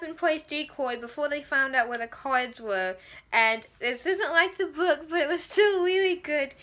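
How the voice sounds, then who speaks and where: Excitable woman vlogger reviewing an episode: high, bright voice, gushing and laughing through her sentences. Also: a little slow. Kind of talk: casual fan review vlog.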